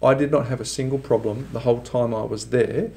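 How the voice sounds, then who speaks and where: An Australian man in his forties co-hosting a podcast, chatting in a brisk, upbeat way. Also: mid-range voice, fairly even intonation, gravelly, darkish tone. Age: 40s. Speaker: podcast co-host. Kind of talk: casual chat.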